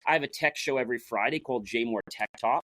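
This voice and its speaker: A man's voice: medium pitch, fast talker, fairly bright tone, no room sound. A man, the guest in an interview, who talks energetically, retells stories by acting out the dialogue, and often restarts his sentences. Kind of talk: casual interview storytelling.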